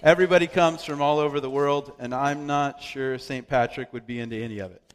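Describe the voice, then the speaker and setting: In a mid-range, steady, smooth voice, a preacher briskly relates a personal story as a sermon. He's conversational, with many fillers and restarts, and the recording has a long hall reverb.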